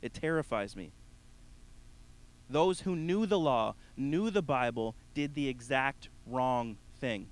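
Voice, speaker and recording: A man preaching a sermon, addressing the congregation directly, rising to emphatic peaks and then dropping to a soft, quiet close. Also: medium pitch, takes it slowly, few pauses, low-quality recording. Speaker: pastor.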